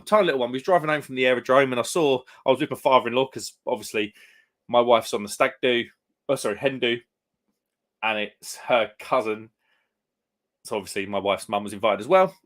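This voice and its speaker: A man's voice: medium pitch, fairly quick, a bit bright. A young man from England hosting a live stream, chatting casually and reading out comments, with a rambling manner full of "mate" and "um".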